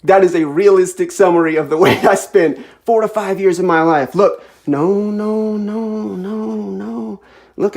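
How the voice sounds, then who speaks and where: Young woman in her 20s, tearful and impassioned, slightly low voice, solo camera confessional. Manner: intense, repetitive, impassioned, swings between quiet and loud. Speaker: vlogger. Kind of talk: emotional direct-to-camera monologue.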